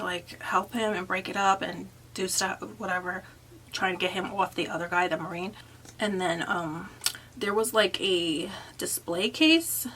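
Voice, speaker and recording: Young woman vlogger doing a storytime, chatty and animated, lots of fillers, light background hiss. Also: lowish voice. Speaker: makeup artist and vlogger. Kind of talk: casual storytime.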